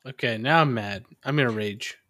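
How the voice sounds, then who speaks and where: A man's voice: medium pitch, normal speed, fairly bright tone, no echo, clean studio sound. A man playing a tabletop game, brash and teasing, swearing freely. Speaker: player.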